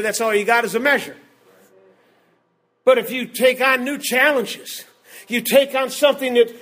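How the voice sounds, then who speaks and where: An older man, a preacher, delivering a fervent sermon, often shouting and repeating his lines in rhythm. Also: sits high.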